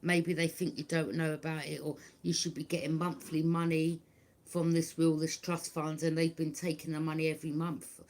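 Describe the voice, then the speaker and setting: Blunt lower-voiced woman. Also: little pitch movement, normal speed, a little mellow. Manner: blunt, repetitive, keeps asking "do you understand". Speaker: tarot reader. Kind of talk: casual monologue to viewers.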